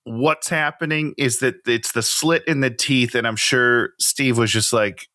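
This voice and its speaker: A man co-hosting a podcast, reacting to a movie in casual chat, animated and incredulous, laughing often. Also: medium pitch, unhurried, few pauses, no echo, studio quality. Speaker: podcast co-host.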